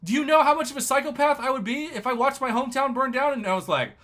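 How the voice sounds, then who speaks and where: Man in his thirties from New Mexico; high-pitched, emotional livestream host. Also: fast talker. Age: 30s. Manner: emotional, excitable, ranting. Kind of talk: casual livestream chat.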